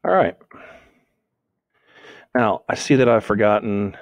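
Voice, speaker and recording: Taking it slowly but with animation, a teacher with a fairly low voice gives a screen-recorded note-making lesson, reasoning aloud and fixing mistakes as he types. The audio has no echo.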